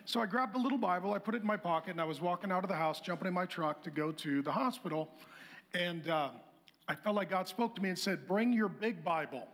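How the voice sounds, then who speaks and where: A middle-aged man, a pastor, telling a humorous testimony in an animated, self-mocking way. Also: high voice, fast talker.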